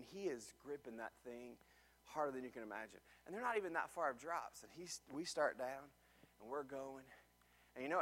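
A middle-aged man, preaching a sermon and telling a personal story, animated and full of restarts. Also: mid-range voice. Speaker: pastor.

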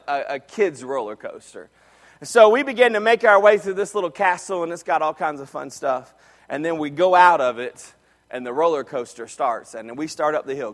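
A man with a strikingly high voice preaches to his church, telling a story and swinging from loud bursts to near-whispers. His voice rings out with the long reverb of a large hall. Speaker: pastor. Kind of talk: sermon.

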